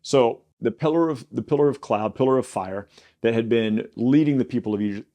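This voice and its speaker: A man's voice: mid-range voice, brisk, mellow, lo-fi sound. A man teaching the Bible on a casual podcast. He talks conversationally and often corrects himself mid-sentence.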